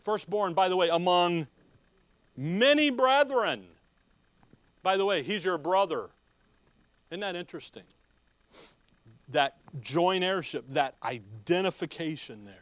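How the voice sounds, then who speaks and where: A man's voice: high voice, expressive, unhurried, pauses often, fairly bright tone, no room sound. A man preaching a Bible teaching sermon who asks his listeners questions and answers them himself, with joking asides. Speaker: pastor.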